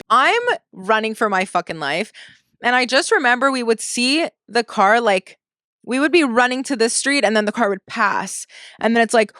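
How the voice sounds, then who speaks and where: A young woman hosting a podcast, telling a story in a casual, animated way, filled with "like" and swearing. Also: medium pitch, no room sound, studio quality. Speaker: podcast host.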